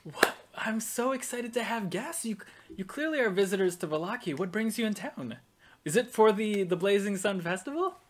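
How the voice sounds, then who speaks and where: A game master voicing an excitable older baroness who fusses over her guests and presses food on them. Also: mid-range voice, normal speed, natural voice. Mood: gushing. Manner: gushing, eager to please, pushy with food.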